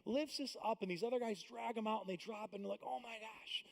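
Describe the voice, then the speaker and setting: A man preaching a sermon as pastor, conversational with fillers and jokes, swinging between loud emphatic lines and hushed intimate asides. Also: high voice, fast talker, creaky. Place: large church auditorium. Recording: long reverb of a large church hall.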